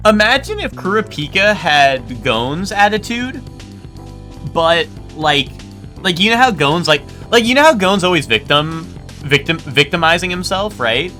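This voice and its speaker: A man's voice: sits high, pushed and bright. A young man streaming a game live, talking in a rambling, casual way with lots of swearing and "like". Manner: rambling, swears a lot, full of "like".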